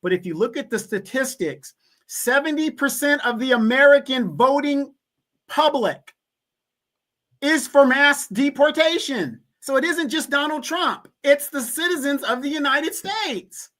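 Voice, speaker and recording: A woman's voice: high-pitched, expressive, a little slow, fairly bright tone. A woman hosting a live-stream commentary show, ranting and mocking other people's words in quoted voices.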